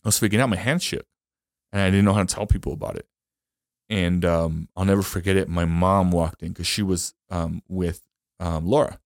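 A man's voice: deep voice, steady tone, fairly quick, no echo, studio quality. A young man as a podcast guest, telling a personal story in casual chat, rambling and emotional with many fillers and restarts.

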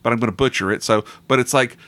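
A man's voice: mid-range voice, fast talker. A man hosting a casual podcast chat about movies, rambling with frequent restarts and laughter.

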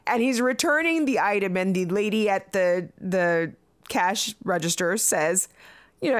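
A woman in her late thirties, vlogging, gives casual commentary in a medium-pitched voice at a measured pace. She's blunt and profane and often breaks into laughter between remarks.

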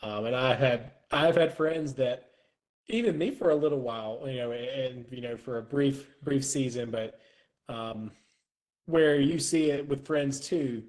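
A man's voice: mid-range voice, unhurried, darkish tone, low-quality recording. A man who is a guest on a podcast, speaking in an earnest, reflective way and repeating words as he thinks. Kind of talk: casual chat.

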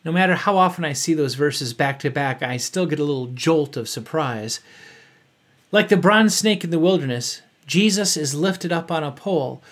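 A man preaches an earnest sermon in a fairly high voice. He reads from his notes and drops in the odd offhand aside. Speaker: pastor.

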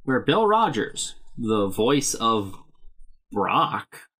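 A man co-hosting a podcast in casual chat, animated, with swearing and goofy mock threats. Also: mid-range voice, extremely slow, breathy edge. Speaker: podcast co-host.

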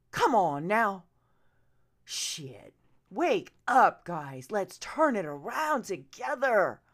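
A woman ranting straight to her viewers, profane and urgent, now and then dropping to a hushed whisper. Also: medium pitch. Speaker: vlogger. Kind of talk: impassioned direct-to-camera rant.

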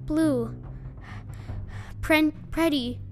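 A woman's voice: sits high, drawn-out words, darkish tone, soft background music. A woman voicing a frightened young woman in labor who pleads in a faint, breathless way. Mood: faint, delirious.

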